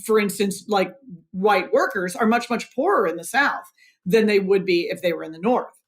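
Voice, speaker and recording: A woman's voice: medium pitch, lively intonation, normal speed. Woman author, podcast guest, earnest, emphatic, explanatory. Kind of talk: interview, explaining history.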